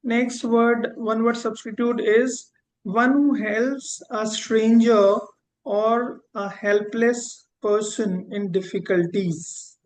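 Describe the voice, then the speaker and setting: An English teacher with a mid-range, steady voice leads a vocabulary lesson at a slow pace, and the audio is poor. He repeats every word, spells words out, and draws out the key terms.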